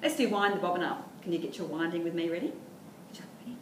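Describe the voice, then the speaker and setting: A woman's voice: lowish voice, expressive, quick pace, distant mic. A woman with an Australian accent leading a toddler storytime, singing rhymes and reading a picture book in an encouraging, sing-song way. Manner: sing-song, encouraging, talking to small children. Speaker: children's librarian. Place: library room. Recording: echoey room, faint background hum.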